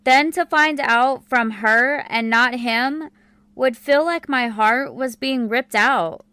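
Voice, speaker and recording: Woman reading as a blunt young woman, firm, slightly higher. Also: slow, pushed and bright, smooth, dry recording, heavily acted. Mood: calm, firm. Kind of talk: audiobook character reading.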